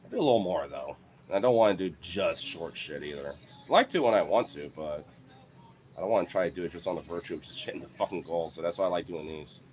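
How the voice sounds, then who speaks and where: A man's voice: sits low, expressive, fast, darkish tone, slight background noise. A man chatting casually on a live stream from home, rambling, swearing freely and laughing between thoughts. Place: home with dogs.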